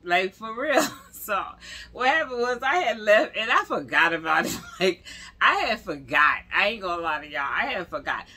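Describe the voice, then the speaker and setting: A woman, telling stories to camera in a slangy, animated way and acting out what people said. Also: medium pitch, moderate pace. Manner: animated, slangy, laughs and acts out quotes. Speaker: vlogger. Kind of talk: casual storytelling to camera.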